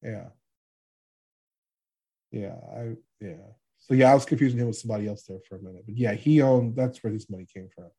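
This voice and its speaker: A man's voice: mid-range voice, fairly quick, long pauses, warm tone, slightly rough. A middle-aged man co-hosting a casual sports podcast, chatty and joking, often trailing off and restarting. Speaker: podcast co-host.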